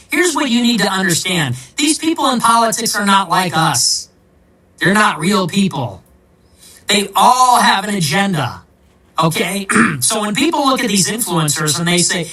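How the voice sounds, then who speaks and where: Sharp-toned man on a sarcastic political rant, combative, a bit far from the mic. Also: high-pitched, big pitch swings, moderate pace. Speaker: political commentator. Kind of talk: ranting monologue.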